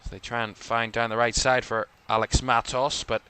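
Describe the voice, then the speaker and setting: A man's voice: mid-range voice, flat delivery, normal speed, sharp tone, smooth. A man with a Northern Irish accent from Belfast, hosting live watchalong commentary in a rambling way, full of fillers. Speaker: host.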